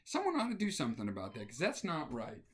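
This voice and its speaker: A man's voice: on the high side, wildly swooping pitch, fast, husky, full character voice. A man putting on the voice of disapproving bystanders muttering judgment. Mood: scornful. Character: disapproving bystanders at a water park.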